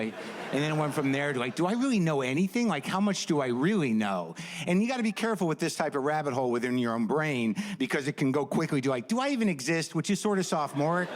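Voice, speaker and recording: Neurotic rambling stand-up comic, man. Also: a little high. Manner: neurotic, self-deprecating rambling with stammered restarts. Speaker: stand-up comedian. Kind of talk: stand-up routine. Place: comedy stage before a live audience.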